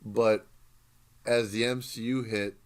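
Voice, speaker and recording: A young man co-hosting a podcast, chatting casually about movies and agreeing readily with quick yeahs. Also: fairly low pitch, little pitch movement, smooth. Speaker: podcast co-host.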